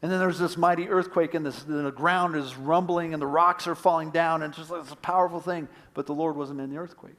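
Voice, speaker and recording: A man preaching a sermon as pastor, earnest, swinging between emphatic points and hushed, quiet lines. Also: on the high side, fairly even intonation, quick pace, hardly any pauses.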